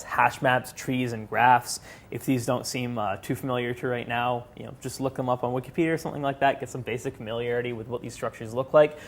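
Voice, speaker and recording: A young man gives a casual seminar talk, with a voice of ordinary, middling pitch for a man. He keeps it chatty and loose, dropping fillers and breaking into laughs at his own jokes. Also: vocal fry. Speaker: student presenter.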